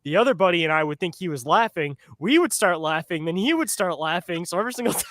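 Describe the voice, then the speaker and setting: A young man chats easily on a podcast, tossing in "dude" and "bro." His voice sits a little high. The sound is close and dry. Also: expressive, fast, a bit bright, dry recording. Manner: laid-back, calls people dude and bro. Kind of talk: casual chat.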